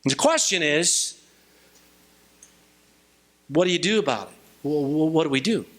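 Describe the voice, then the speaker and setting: A man's voice: fairly high pitch, expressive, normal speed, fairly bright tone. A middle-aged man, a retreat speaker, giving a playful, jokey youth sermon and leading the crowd in call-and-response.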